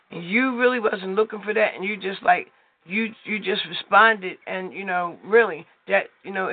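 A man with a high voice and a gravelly edge leads a prayer call, preaching loosely and rambling through endless filler phrases. He is heard over a thin, tinny phone line with a dry, close sound. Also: dry recording. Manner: rambling, heavy with "you know what" fillers. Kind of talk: informal preaching on a conference call. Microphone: telephone.

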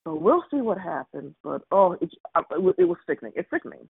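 A woman calling into a talk show in casual chat, animated and acting out quotes as she talks. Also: fairly low pitch, quick pace, vocal fry, husky, no room sound. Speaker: caller. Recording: tinny phone line.

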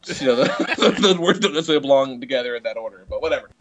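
A man's voice: medium pitch, animated, racing, a crowd in the background. A man co-hosting a podcast, telling a long story in casual chat, swearing freely and laughing often, heard over a video call from a tablet. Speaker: podcast co-host.

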